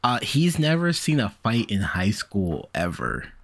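Man, casual storyteller, lively pitch, mimics the people in his stories. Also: a little slow, gravelly. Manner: animated, acts out quoted voices.

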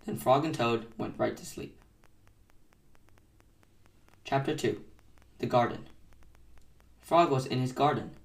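A man reading bedtime stories aloud in a soft, soothing way that is meant to lull young listeners to sleep. He takes his time, pausing often at a very slow pace. His voice sounds slightly distant from the microphone. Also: mid-range voice, vocal fry, roomy sound. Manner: gentle and unhurried. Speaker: bedtime story podcast host.

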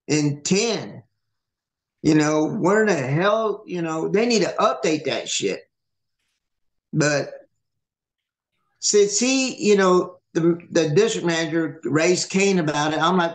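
A man's voice: a little high, slow pace. A man hosting a podcast, casually telling a long story, swearing and acting out the people he quotes. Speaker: podcast host. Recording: echoey room.

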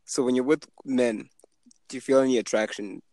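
A young podcast host tells stories in casual chat, acting out the people he quotes in a higher voice. His intonation is fairly even, his tone darkish, his pace moderate. The audio is poor, though there's no echo.

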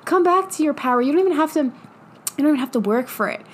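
Very fast and expressive, a young woman with a high voice hosts a podcast, giving a casual motivational monologue. She swears plenty, laughs often and speaks emphatically, over slight background noise.

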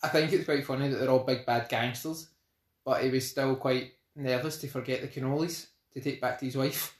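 A man's voice: mid-range voice, steady tone, a little fast. Dry-witted man, echoey room. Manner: dry, teasing, short blunt replies. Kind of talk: casual chat.

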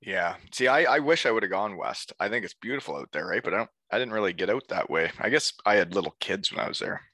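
A man's voice: on the low side, expressive, fast talker, sharp tone, no echo. A man hosting a podcast in casual chat, easygoing, laughing often and tagging points with "right?". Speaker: podcast host.

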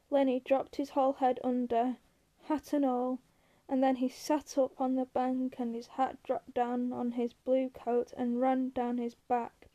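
A woman reading a novel aloud as narrator, steady and even, with the odd small slip. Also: sits high, unhurried, rough recording. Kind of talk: audiobook reading.

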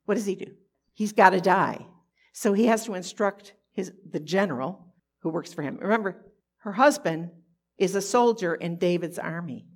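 A woman teaching a conversational Bible lesson, animated and expressive, often asking her listeners rhetorical questions. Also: fairly low pitch, breathy edge.

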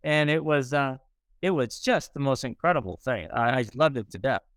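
A man's voice: mid-range voice, normal speed, fairly bright tone, smooth, no echo, studio quality. Earnest middle-aged man telling a story. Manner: earnest storyteller, acts out quoted dialogue. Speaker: podcast guest. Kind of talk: conversational storytelling.

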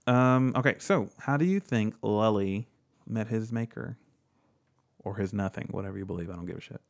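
Very deep-voiced joking man. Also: normal speed, vocal fry. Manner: jokey, offhand, swears casually. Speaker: podcast co-host. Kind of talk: casual chat, reading facts aloud.

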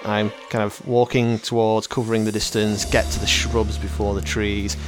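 A man's voice: fairly low pitch, little pitch movement, moderate pace. A man playing a tabletop game, describing his character's actions step by step. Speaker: player. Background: music.

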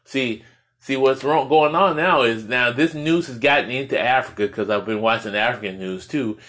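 Man delivering a fervent opinion monologue, asks and answers his own questions, average pitch. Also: moderate pace, fairly bright tone, rough recording. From United States. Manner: impassioned, rhetorical questions, repeats words when stressing.

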